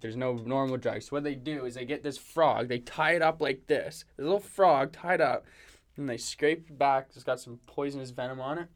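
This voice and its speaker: A young man co-hosting a podcast, rambling through stories in casual banter, swearing freely and laughing often. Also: mid-range voice. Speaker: podcast co-host.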